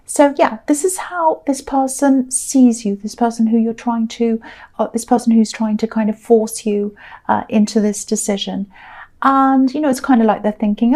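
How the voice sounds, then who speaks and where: A woman's voice: a little high, moderate pace, warm tone. A middle-aged woman giving a casual, meandering tarot reading in a chatty, reassuring manner. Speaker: tarot reader.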